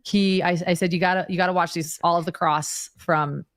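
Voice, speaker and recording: A woman's voice: fairly low pitch, steady tone, fairly quick, no room sound, studio quality. A woman co-hosting a show, telling a story in a chatty, rambling way with repeats and restarts.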